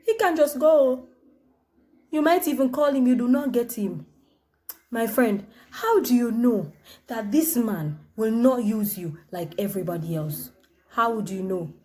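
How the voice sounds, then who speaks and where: A woman's voice: on the high side, animated, measured pace, mellow. A Nigerian woman acting a jealous female friend who needles and doubts in a comedy skit. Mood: doubting. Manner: sceptical, needling, humming disapprovingly.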